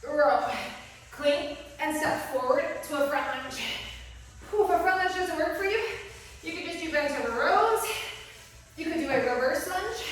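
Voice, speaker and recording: A woman's voice: sits high, a bit bright, heavy reverb, distant mic, low-quality recording. A woman fitness instructor, out of breath, calling short exercise cues through a workout and puffing between moves. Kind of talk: workout class cueing.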